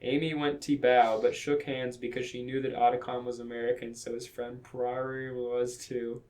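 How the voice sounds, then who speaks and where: A man co-hosting a comedy podcast, reading a badly written fanfiction aloud in a deadpan voice that keeps breaking into laughter. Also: mid-range voice, normal speed.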